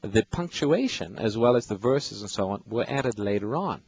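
A man's voice: fairly low pitch, animated, normal speed, darkish tone, slightly rough, dry recording, rough recording. A man hosting a radio Bible call-in show, patiently explaining scripture and reading verses to callers.

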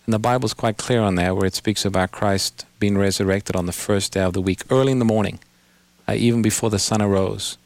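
A man hosting a call-in radio Bible program, patiently explaining scripture and slowing down to quote verses. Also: fairly low pitch, steady tone, a little mellow, no room sound. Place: radio studio.

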